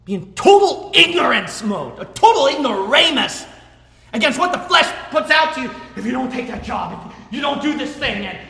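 A man's voice: big pitch swings, normal speed, gravelly. Fervent male preacher in an echoey hall. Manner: fervent, emphatic preaching that swings from low talk to shouting. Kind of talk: sermon. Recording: echoey hall with long reverb.

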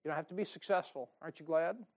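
A man's voice: a little high, fast talker. Joking preacher man calling "Amen?". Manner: joking, calls out "Amen?" to the congregation; swings from loud to quiet. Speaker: pastor. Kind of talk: sermon. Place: church service.

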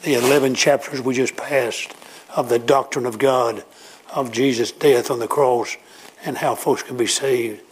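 A man's voice: medium pitch, fairly even intonation, a little slow, husky. A man preaching a sermon, emphatic and repetitive as he pleads with his congregation.

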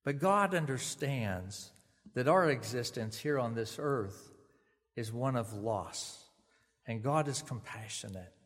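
Man, pastor, funeral sermon, gentle conversational preaching, mid pitch, long hall reverb. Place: funeral service venue.

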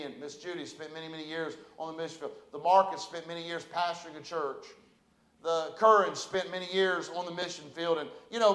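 A man preaching a sermon as pastor, moving between quiet, close talk and loud, impassioned calls. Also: a little high, reverberant, low-quality recording. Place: church sanctuary.

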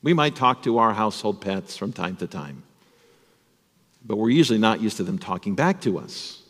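A man's voice: on the low side, moderate pace, long reverb tail. A man, a pastor, telling a Bible story as a children's sermon and asking the children questions. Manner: animated, addresses children with questions.

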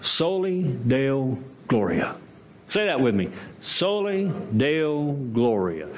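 A man preaching a sermon as pastor, emphatic and full of rhetorical questions and repeated phrases. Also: high-pitched.

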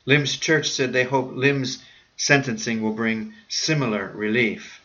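A man's voice: mid-range voice, measured pace, pushed and bright, lo-fi sound. A man speaking as a radio preacher in a devotional broadcast, earnest and urging his listeners with repeated questions.

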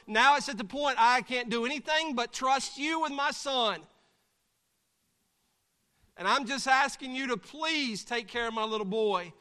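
A man's voice: extremely high pitch, sharp tone, clear, resonant tone, voice pushed up. A man putting on the voice of a desperate mother praying for her son, in a sermon. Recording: long church hall reverb.

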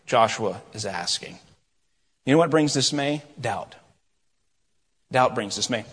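A middle-aged man preaching a sermon, telling a story with quiet asides and loud, rising questions. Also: mid-range voice, lively intonation, a little slow, a little hiss or hum. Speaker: pastor. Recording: long hall reverb.

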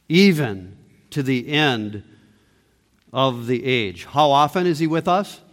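A man preaching a sermon as pastor, emphatic, rising to loud peaks and dropping to hushed low lines. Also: animated, a little slow. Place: church sanctuary. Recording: long reverb of a church hall.

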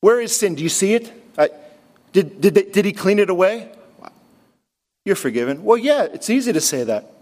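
A man, a pastor, preaching a sermon with earnest, emphatic delivery, repeating key phrases and dropping to a low, hushed voice when quoting. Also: very animated, a little fast. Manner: drops to a low, hushed voice to quote Jesus.

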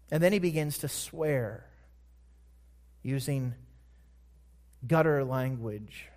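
A man delivers a sermon at a slow, unhurried pace, stretching key words for emphasis. His voice sits a little high for a man as he retells the story with careful weight on each phrase. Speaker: preacher.

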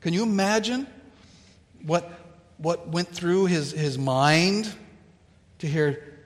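A man preaching a sermon, telling a Bible story in a slow, deliberate way with dramatic pauses. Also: on the high side, big-room sound. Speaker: pastor.

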